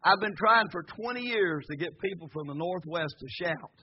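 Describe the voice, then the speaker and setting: A man preaching a folksy, joking sermon in a church, his voice high and a little husky. He talks casually with the congregation, then rises into loud, shouted praise. The recording sounds dull and muffled. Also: animated, normal speed. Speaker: pastor. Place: church sanctuary before a congregation.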